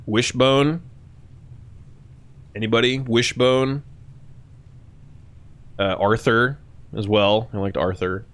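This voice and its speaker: Taking it slowly with long pauses, a young streamer talks casually with his chat, swearing freely, staying animated, and frequently breaking into shrill put-on voices.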